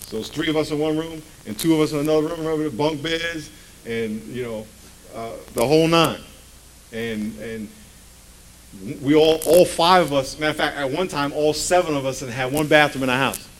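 A pastor preaching a sermon, swinging between loud bursts and hushed asides. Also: male voice, a little high, normal speed, poor audio.

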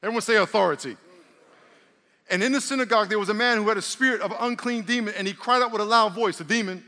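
A man's voice: high-pitched, quick pace, sharp tone, big-room sound. A male pastor preaching a sermon, calling on the congregation to respond and slipping in jokes. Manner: preaching with call-and-response and humor.

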